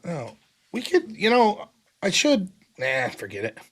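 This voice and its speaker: A man hosting a casual livestream, telling stories in a loose, profane, animated way. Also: high voice, measured pace, slightly rough. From America. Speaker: host.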